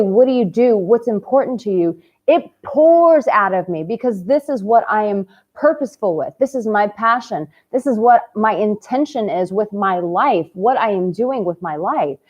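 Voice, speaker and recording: A woman's voice: a little high, dull audio. Passionate, cheeky woman coaching men. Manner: passionate, candid and cheeky, swears casually. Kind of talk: direct-to-camera advice vlog.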